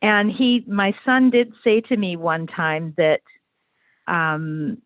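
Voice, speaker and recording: A woman's voice: fairly low pitch, level tone, slow pace, no room sound. Hesitant older woman caller on a phone line. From Canada. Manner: hesitant, many fillers and restarts.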